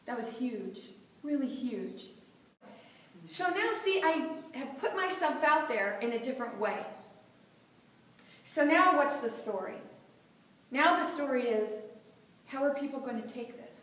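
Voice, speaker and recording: Middle-aged lady motivational speaker, high voice, big echoey hall, acts out her inner voice, laughs a lot. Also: animated, measured pace, long pauses, fairly bright tone, distant mic. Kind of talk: motivational talk to a live audience. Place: seminar room with audience.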